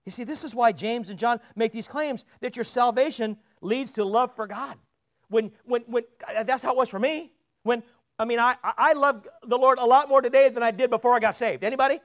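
Man, very high voice, preacher, conversational sermon, asks the congregation questions, repeats words when pressing a point. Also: brisk.

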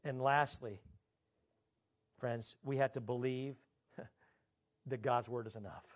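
A man preaching a sermon, emphatic, drawing out scripture quotes slowly and swinging his pitch up and down. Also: steady tone. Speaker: pastor.

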